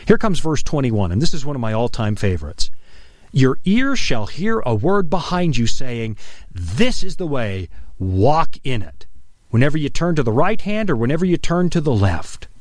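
A man preaching an earnest radio sermon, dropping his voice low for quoted scripture. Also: very animated, normal speed, dry recording. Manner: earnest, emphatic, drops low for quoted lines. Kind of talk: broadcast sermon.

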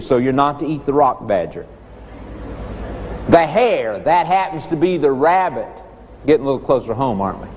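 A man's voice: medium pitch, lively intonation, normal speed. A man preaching a sermon in a folksy storytelling manner. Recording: dull lo-fi recording with long reverb and faint noise.

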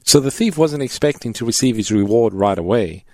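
A man co-hosting a Bible call-in radio show, adding measured, teacherly points. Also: medium pitch, animated, no echo. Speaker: radio co-host, pastor.

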